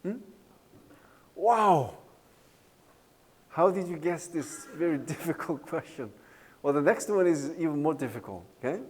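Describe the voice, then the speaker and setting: A man's voice: on the high side, expressive, a little slow, long pauses, breathy edge, long reverb tail. A man giving a university lecture in a casual, jokey way, often checking with the class by asking "right?" and "okay?". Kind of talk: recorded online lecture.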